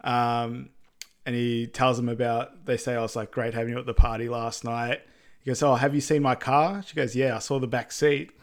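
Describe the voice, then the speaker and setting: A man co-hosting a casual movie rewatch podcast, chatty and quick to laugh. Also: mid-range voice, little pitch movement. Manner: chatty, laughs easily, many ums. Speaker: podcast co-host.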